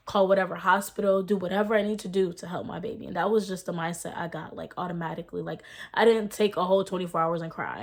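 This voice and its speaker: A young mother telling her story in a casual personal vlog, speaking with emotion, using many fillers, and talking to viewers as "y'all.". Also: on the low side. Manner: fast, filler-heavy speech with rising and falling intensity. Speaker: vlogger and mother.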